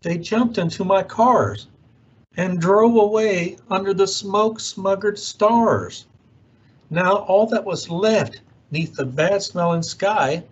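A man reading a rhyming children's storybook aloud with an expressive, swooping delivery. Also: sits high, breathy edge, highs cut off. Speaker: youth organization director.

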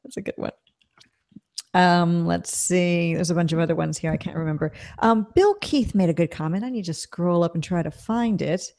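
A woman's voice: fairly low pitch, moderate pace, creaky, darkish tone. An American woman hosting a casual live-stream chat, reading viewer comments aloud. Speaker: show host.

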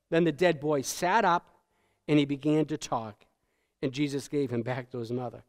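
A male pastor with a high voice preaches in a church sanctuary, and his words carry a long reverb through the hall. He swings from emphatic peaks down to hushed, intimate lows. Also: steady tone, normal speed. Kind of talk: sermon.

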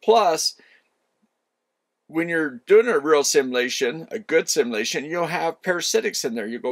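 A man's voice: fairly high pitch, lively intonation, normal speed. An older man hosting an electronics channel, talking casually and folksily, rambling with frequent asides and self-corrections. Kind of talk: casual explanatory talk.

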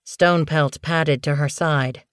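Slow, low-voiced woman narrating an audiobook. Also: fairly even intonation, smooth, no echo, clean studio sound. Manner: measured, unhurried reading. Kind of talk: scripted narration.

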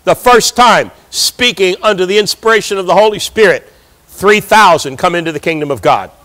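High-voiced preaching man. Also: expressive, normal speed, fairly bright tone. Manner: reads scripture aloud, then explains it with rising emphasis. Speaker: pastor. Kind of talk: sermon. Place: church sanctuary.

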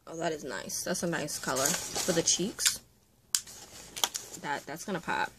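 A young woman, a makeup artist, chatting through a casual unboxing vlog, gushing and often dropping into breathy whispered exclamations. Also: lowish voice, normal speed, slight background noise.

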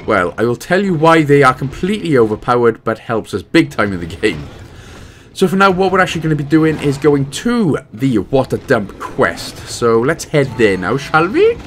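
Man, Welsh accent, casual game walkthrough, rambling jokey manner, swooping pitch. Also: sing-song, normal speed, slight background noise. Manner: chatty, jokey, rambling asides. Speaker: gaming guide host.

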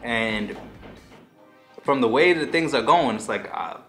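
Male vlogger, everyday mid-pitched voice, lively casual storyteller, faint music bed. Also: unhurried. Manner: animated, acts out his own past lines and reactions. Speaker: vlogger telling a personal story.

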